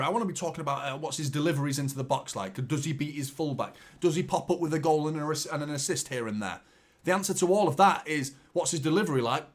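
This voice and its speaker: Sweary football fan commentating a live match. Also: male voice, a little high. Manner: swearing, exasperated, animated fan chatter. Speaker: fan watchalong host.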